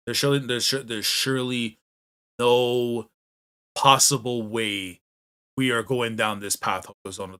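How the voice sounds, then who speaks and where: A male host reacting emotionally while reading through a manga, slangy and excitable, swinging between muttered dismay and loud outbursts. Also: mid-range voice, measured pace, smooth.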